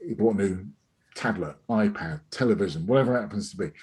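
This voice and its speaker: A man's voice: lowish voice, fast talker, darkish tone, slightly rough. Rambling middle-aged man teaching sales. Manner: rambling, many restarts and fillers. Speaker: sales trainer. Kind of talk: masterclass on a video call. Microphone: video call.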